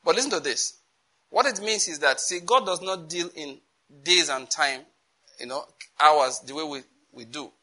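A man's voice: on the high side, poor audio. A man teaching a sermon on prayer, emphatic, often checking that listeners get his point. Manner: reads scripture slowly and loudly. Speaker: preacher.

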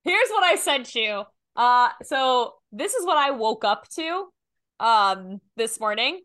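A woman co-hosting a relaxed podcast, trading playful, dry jokes. Her voice sits a little high and sounds very bright and sharp. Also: slow. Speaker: podcast co-host. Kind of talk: casual podcast chat.

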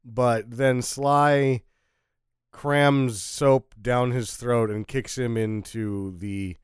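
A man's voice: mid-range voice, fairly even intonation, drawn-out words, clear, resonant tone, dry recording. A man co-hosting a casual podcast, making dry, sarcastic quips about a movie. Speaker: podcast co-host. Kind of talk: casual movie-riff chat.

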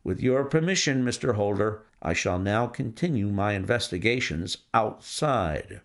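A man's voice: lowish voice, animated. Man reading as a cool, precise detective. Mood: composed. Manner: measured, dry and self-assured. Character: cool, precise gentleman detective, adult male.

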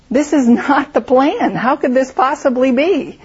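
A woman with a somewhat high, husky voice leads a Bible study and explains scripture by painting vivid imagined scenarios. The recording sounds dull and lo-fi. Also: animated, a little slow, few pauses, a little mellow. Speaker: Bible teacher.

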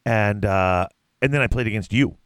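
A man co-hosting a casual hobby podcast, talking in a rambling, animated way with many restarts. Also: lowish voice, normal speed, dry recording. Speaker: podcast co-host. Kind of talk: casual chat.

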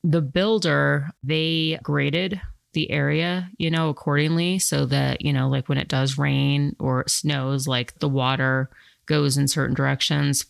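A woman's voice: low voice, steady tone, a little slow, creaky, no echo, clean studio sound. A woman hosting a podcast, chatting casually and rambling with lots of fillers. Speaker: podcast host.

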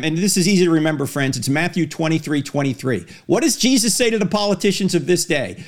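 A man hosting a talk show, asking emphatic rhetorical questions with sharp rises when indignant. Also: on the high side, lively intonation, quick pace, hardly any pauses. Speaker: host.

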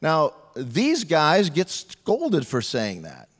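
A man's voice: fairly high pitch, huge pitch swings, extremely slow. A man preaching a sermon in a conversational, humorous way, often acting out quoted lines. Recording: reverberant hall.

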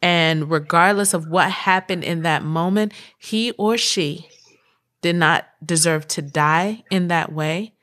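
A woman co-hosting a casual podcast chat, talking bluntly and profanely with animated storytelling into a studio mic. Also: lowish voice, slow pace. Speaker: podcast co-host.

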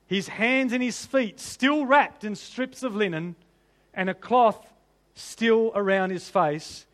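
A man preaching a sermon, animated and humorous, often laughing and piling up rhetorical questions. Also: high-pitched, slow.

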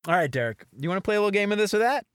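A man's voice: sits high, big pitch swings, very fast, smooth, no room sound, studio quality, soft background music. A man co-hosting a casual podcast, talking in a laid-back, playful, chatty way. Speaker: podcast co-host.

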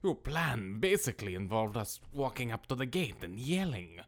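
In a comedy voice-acting role, a man plays a scheming young leader of a skeleton revolt, speaking sarcastically and bursting into staccato laughter. His voice is medium-pitched with big pitch swings, at a moderate pace.

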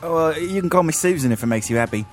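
A man's voice: a little high, animated, very fast, faint music behind. A man on a film podcast panel, teasing the others in dry, casual chat.

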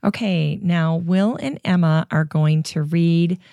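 A woman with a slightly low voice hosts a relaxed family podcast, introducing each reading with playful cheer. She sits close to a studio microphone in a dry, dead-sounding room. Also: takes it slowly, dry recording. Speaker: podcast host. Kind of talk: casual family podcast chat. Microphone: studio microphone with pop filter.

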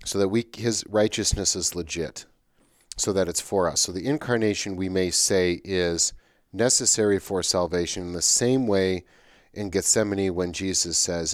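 A man with a very low, deep voice explains theology in a methodical, step-by-step way. The sound is dry and close, with almost no room echo. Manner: explanatory, builds arguments step by step. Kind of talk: theological discussion.

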